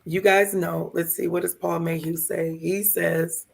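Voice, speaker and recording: A woman co-hosting a live show, telling a heartfelt personal story in a gravelly, hoarse voice and acting out the other people in it. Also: on the low side, flat delivery, measured pace. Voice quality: gravelly, hoarse from vocal cord lesions. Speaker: podcast co-host.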